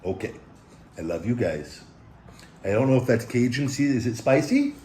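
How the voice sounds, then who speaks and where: A man's voice: mid-range voice, sing-song, normal speed, a little mellow, echoey room, a little hiss or hum. A man hosting a food review vlog at home, talking in a rambling, laid-back way and calling himself the big guy. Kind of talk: casual chat. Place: home room with pet dogs.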